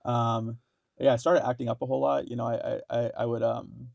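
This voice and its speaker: A young man from India, a podcast guest telling his story in halting casual talk, full of fillers, restarts and swearing. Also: medium pitch, flat delivery, vocal fry, darkish tone, dry recording, muffled recording.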